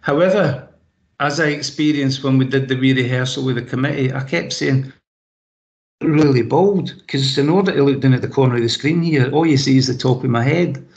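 A man's voice: mid-range voice, fairly quick, a little mellow, roomy sound. A man with a Scottish accent giving practical, anecdotal tips in an online training session over a laptop video call. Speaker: presentation skills trainer. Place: home room. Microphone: laptop microphone on a video call.

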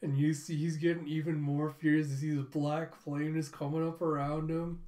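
A man excitedly recapping and reacting to a comic chapter in a rambling, casual way. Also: on the high side. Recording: roomy echo.

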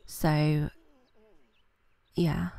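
A woman's voice: low-pitched, little pitch movement, extremely slow, gravelly, warm tone, no room sound. A British woman hosting a gaming channel, giving casual, rambling let's-play commentary full of fillers. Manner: chatty and rambling, with many fillers.

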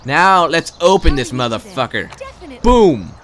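At a medium pitch and a slightly slow pace, a young man gives live commentary on his game. Excitable and heavy on the swearing, he shifts between shouted outbursts and mumbled asides.

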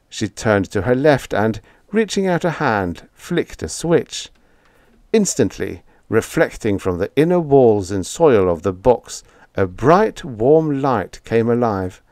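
An audiobook narrator reads a scripted storybook in a slow, expressive manner. His voice sits in the mid range, and the studio-quality recording has no room sound.

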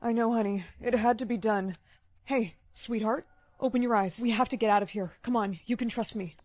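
A woman's voice: fairly high pitch, steady tone, a little fast, darkish tone, close to an everyday voice. A woman playing a vengeful, protective middle-aged mother in a short skit, speaking in an icy, defiant way. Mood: soothing.

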